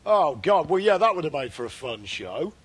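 Man, high-pitched, deadpan, comic chat co-host, mock French bits. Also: normal speed, husky. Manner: deadpan, puts on silly French accents. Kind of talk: comedic banter.

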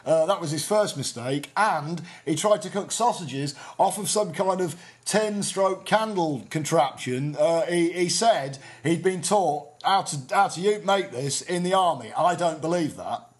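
A man's voice: on the high side, unhurried, few pauses. A man with a northern English accent co-hosting a casual comedy chat, rambling and swearing with jokey asides. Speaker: podcast co-host.

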